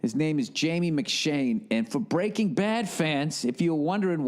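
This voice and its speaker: Guy rambling on his podcast, swearing a lot, kinda highish voice. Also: a little slow, few pauses. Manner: blunt, profane, animated. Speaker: podcast host. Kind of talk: rambling casual monologue.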